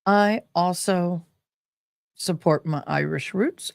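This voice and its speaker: Gravelly, breathless woman streaming live. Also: fairly low pitch, a little slow, darkish tone, no room sound, clean studio sound. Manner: rambling, chatty, with frequent sighs and coughs. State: short of breath. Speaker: livestream host. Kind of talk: casual live-stream chat.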